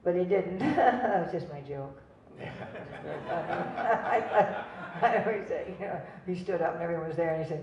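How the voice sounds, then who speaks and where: An older actress with a low, slightly mellow voice talks unhurriedly yet with hardly any pauses, rambling through stories for a cinema audience and laughing at her own jokes. The distant, roomy lo-fi recording has a little hiss or hum.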